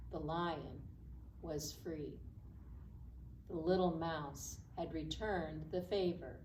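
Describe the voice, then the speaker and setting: Slow, expressive woman reading a children's story. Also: on the low side, a little hiss or hum. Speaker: children's librarian. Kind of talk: storytime read-aloud for children. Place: public library branch. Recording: echoey room, mic at a distance.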